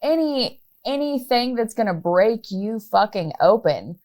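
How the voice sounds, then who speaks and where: A woman's voice: fairly high pitch, lively intonation, a little slow, darkish tone. A woman hosting a podcast, chatting casually and affirming her guest often. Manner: supportive listener, frequent short affirmations. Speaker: podcast host. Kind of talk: casual interview chat.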